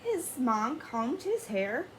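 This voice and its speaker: A woman teacher reading a picture book aloud to children in an expressive way, pausing to ask them questions. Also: sits high, slight background noise. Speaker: elementary school teacher. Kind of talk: children's story read-aloud.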